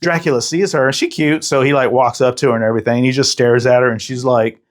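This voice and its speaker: A man recaps a film in a loose, rambling way, swearing freely and laughing as he goes. His voice sits at an ordinary middle pitch. He talks like a casual review-show host. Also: steady tone, fast talker.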